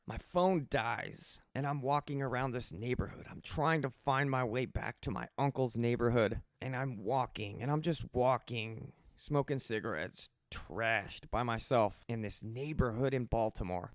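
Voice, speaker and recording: A young man from Colorado rambles through his own story on a podcast, animated and loose, slipping into the voices of the people he meets. His voice sits at an everyday middle pitch. The sound is dry and close, with no room echo. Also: a little slow, few pauses. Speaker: podcast host telling his recovery story. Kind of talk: casual storytelling monologue.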